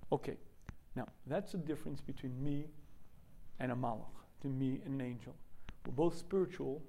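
A man giving a religious lesson through vivid storytelling, often clearing his throat. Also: fairly high pitch, dark tone, a little hiss or hum, rough recording. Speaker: teacher.

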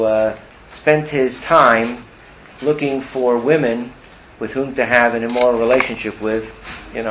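A man's voice: mid-range voice, noisy background. Male Torah teacher telling a story. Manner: animated storyteller who acts out quotes. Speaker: religious teacher.

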